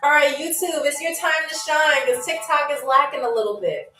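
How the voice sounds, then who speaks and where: A woman's voice: high-pitched, normal speed, sharp tone. A woman hosting a live-stream quiz game. She reads out viewer comments in a playful, teasing way, often holds back laughter, and welcomes viewers as if she were a flight attendant. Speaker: game show host. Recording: roomy, distant mic with faint music.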